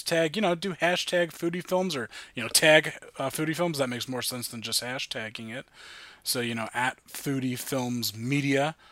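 A man's voice: mid-range voice, bright, forceful tone, no echo. A man hosting a casual podcast, upbeat and rambling with lots of fillers. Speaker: podcast host.

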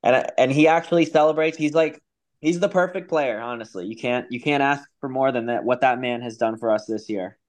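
A man co-hosting a fan podcast in casual sports chat, talking in an excited, loose way full of fillers. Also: medium pitch, brisk. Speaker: podcast co-host.

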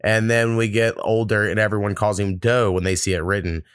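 A man's voice: on the low side, steady tone, brisk, clean tone, dry recording, studio quality. A man hosting a podcast, telling blunt, swear-laden stories in casual chat. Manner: blunt, swears freely, storytelling. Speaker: podcast host.

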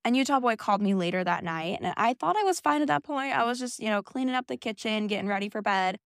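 A woman's voice: on the high side, expressive, clean tone, dry recording. Candid young woman in a dry closet. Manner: candid and emotional, quick asides. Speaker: podcast host. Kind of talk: personal storytelling podcast. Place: small clothes closet.

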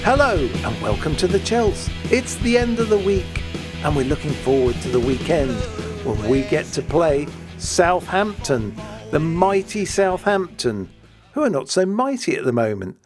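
Lively podcast host with music behind. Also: male voice, fairly high pitch, a little slow. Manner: jokey, teasing, laughs often. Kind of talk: casual chat.

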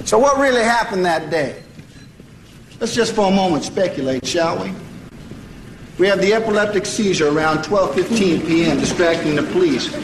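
An actor playing a district attorney who lays out a conspiracy theory in a measured, speculative Southern US accent. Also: male voice, sits high, expressive. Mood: probing. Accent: put-on Southern US. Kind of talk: film dialogue. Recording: echoey film clip from a distance with loud noise.

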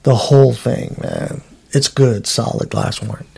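A middle-aged man, a former trooper, telling stories in a casual chat, animated and swearing, acting out what people said. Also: mid-range voice, unhurried, gravelly, breathy edge. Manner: animated storyteller, swears, acts out quotes.

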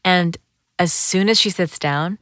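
A woman giving scripted documentary narration in a calm, measured storytelling manner. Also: lowish voice, no room sound, studio quality.

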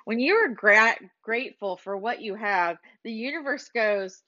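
Woman podcast host, earnest and exhorting, fairly high voice; muffled lo-fi recording. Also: lively intonation, a little slow, bright, forceful tone. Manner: earnest, exhorting, direct address to listeners. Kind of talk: motivational monologue. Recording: dull lo-fi recording.

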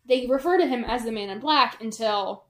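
A woman co-hosting a casual film podcast, her voice sitting a little high and carrying a roomy echo. She rambles in a chatty way and fills her talk with "like". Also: normal speed, a bit bright. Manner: chatty, full of "like" asides. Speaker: podcast co-host. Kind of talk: casual movie-review chat.

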